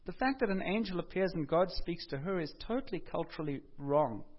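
Man preaching, fairly high voice, chatty and animated, muffled lo-fi recording. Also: fairly quick. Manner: conversational, animated, rises for emphasis and drops softly for quoted words. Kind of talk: sermon. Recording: dull lo-fi sound.

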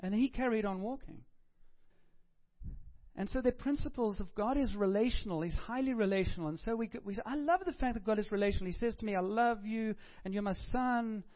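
A man's voice: high voice, a little fast, dull audio. A middle-aged man, a pastor, giving a chatty, joking sermon in a conversational way.

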